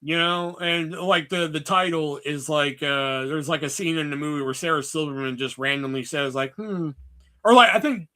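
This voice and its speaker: A man's voice: on the high side, moderate pace, hardly any pauses, bright, forceful tone. A man hosting a casual movie chat, rambling with lots of swearing and fillers. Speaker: host.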